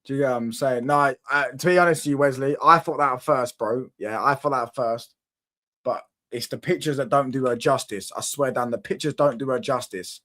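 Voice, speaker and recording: Young male streamer, slangy and rambling, mid-pitched voice, chats with viewers and laughs a lot. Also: a little fast, fairly bright tone. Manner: rambling, slangy, repeats himself, laughs often. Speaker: livestream host. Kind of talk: casual livestream chat reacting to viewer comments.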